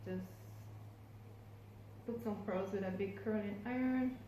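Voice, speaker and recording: A woman's voice: mid-range voice, measured pace, dark tone, highs cut off, slight background noise. A woman vlogger casually narrating a how-to while she works, talking straight to her viewers. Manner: chatty, addresses viewers while working. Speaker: hair vlogger. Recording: very echoey room.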